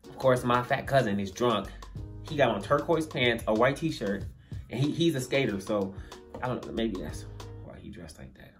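With lively intonation and a mid-range voice at normal speed, a young adult guy tells the camera an amusing story from his own life. Soft music sits underneath this casual, slang-filled monologue, and he keeps breaking into laughter.

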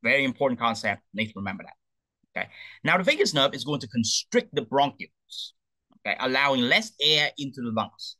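A male lecturer with a bright, forward voice that climbs and dips as he explains. He checks in with his listeners by adding "okay?" after each point and poses questions before answering them himself. The recording is dry and close, with no room sound. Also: mid-range voice, fairly quick, dry recording, low-quality recording. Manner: lively, repeats "okay?" to check understanding. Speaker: anatomy lecturer.

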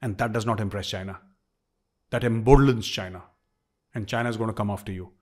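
A man's voice: lowish voice, a little fast. A middle-aged man with an Indian accent, giving emphatic opinion commentary and repeating phrases for stress.

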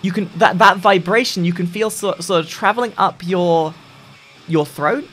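A gaming streamer giving a casual voice-training tutorial in a lively, sing-song way, often restarting sentences. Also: moderate pace, soft background music. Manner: lively, sing-song delivery with frequent restarts, dropping into deep demo voices.

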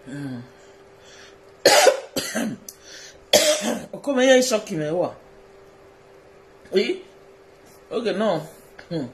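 A man's voice: sits high, slight background noise. A man from Edo State, Nigeria, with a Nigerian accent, recording a direct-address video message. He pleads in a deferential way, repeats his phrases and mixes pidgin with colloquial English. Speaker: social media personality.

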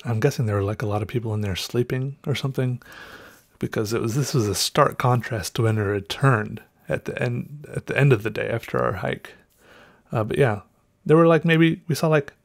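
A man's voice: fairly low pitch, creaky, a little mellow. A man hosting a podcast, telling a rambling story in a casual way, correcting himself often and a little out of breath. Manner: rambling, self-correcting, trails off with fillers. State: slightly out of breath. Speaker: podcast host.

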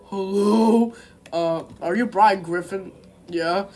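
A woman in a comic improvised role-play chat, talking in a frantic way, yelling and laughing. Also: medium pitch, slow.

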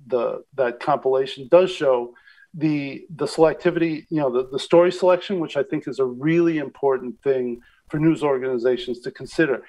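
A man, a guest on an interview show, speaking thoughtfully, hedging often and restarting his sentences. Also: mid-range voice. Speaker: guest media critic. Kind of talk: conversational interview.

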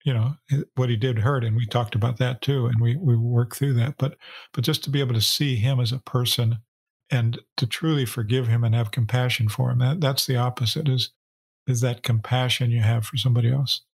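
Calm man with a flat, even voice. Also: medium pitch, brisk, breathy edge. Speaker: podcast co-host. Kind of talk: faith podcast conversation.

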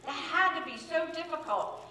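A woman pastor delivers a chatty, story-driven sermon, slipping into little acted voices for quotes. Her voice is high and bright. It rings through a reverberant church room, picked up from some distance. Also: lively intonation, moderate pace. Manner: conversational storytelling, acts out quotes with inflection. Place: church sanctuary.

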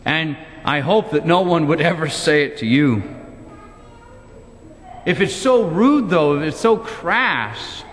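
A man's voice: fairly high pitch, expressive, takes it slowly. A male pastor delivering a sermon in a church, pressing his point with emphatic rhetorical questions. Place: church sanctuary. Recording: long church reverb.

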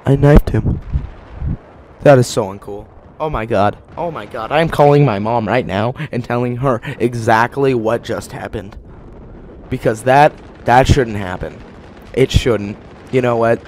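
A man giving joking commentary over his own gameplay, mostly deadpan and mock-serious, with sudden excited outbursts. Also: mid-range voice, measured pace, a little hiss or hum. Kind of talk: joking live game commentary. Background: game gunfire and explosions.

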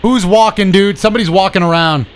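Excitable high-voiced male gamer. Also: fast. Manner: excitable, profane, talks to himself and laughs. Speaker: streamer. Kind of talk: casual gameplay commentary.

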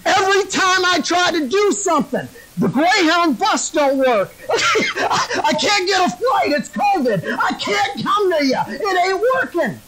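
A man's voice: very high voice, sing-song, unhurried, sharp tone, a little hiss or hum, voice pushed up, heavily acted, poor audio. A man voicing a flustered male prophet making excuses, exasperated and whiny.

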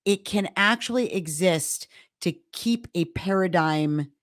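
A woman's voice: fairly low pitch, unhurried, no room sound, clean studio sound. A middle-aged woman co-hosting a podcast, explaining her points emphatically in casual talk. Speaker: podcast co-host.

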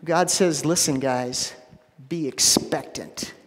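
A man preaching a sermon as pastor, emphatic, repeating phrases and dropping to a hushed low voice for stress. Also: slow, big-room sound. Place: church sanctuary.

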